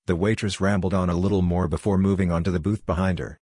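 A man narrating a story slowly and in a measured way. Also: sits low, steady tone, a little mellow, breathy edge, dry recording, clean studio sound. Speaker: audiobook narrator.

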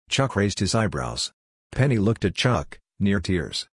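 A man narrating an audiobook story in an even, measured reading. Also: on the low side, slightly rough, dry recording, studio quality.

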